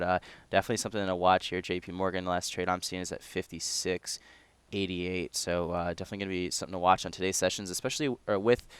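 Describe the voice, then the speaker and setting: A man's voice: deep voice, a bit bright, clear, resonant tone, no room sound. A man co-hosting a stock market show who talks hesitantly, full of fillers and restarts. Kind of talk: casual market talk.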